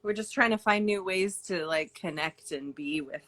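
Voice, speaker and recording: A woman co-hosting a relaxed morning chat over a video call, chatty and trailing off. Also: fairly low pitch, normal speed. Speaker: co-host of a live chat.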